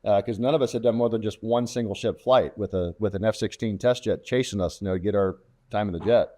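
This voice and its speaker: A man's voice: fairly low pitch, fast talker. A middle-aged man, a former fighter test pilot, telling war stories in a casual interview and acting out the quoted dialogue. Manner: lively storyteller who acts out quoted radio talk.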